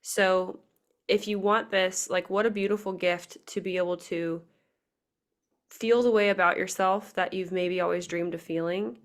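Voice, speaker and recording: A woman's voice: lowish voice, a bit bright, smooth. Earnest young woman host, heartfelt. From Nebraska. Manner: earnest, emotional, casual filler-heavy. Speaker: podcast host. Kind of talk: heartfelt motivational faith talk. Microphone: video call.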